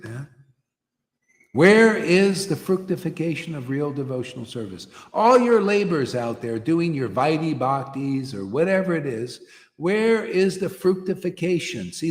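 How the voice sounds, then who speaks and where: A man preaching informally to a devotional gathering, rambling and peppering his talk with "you know" and "man". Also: a little high. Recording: echoey hall with long reverb.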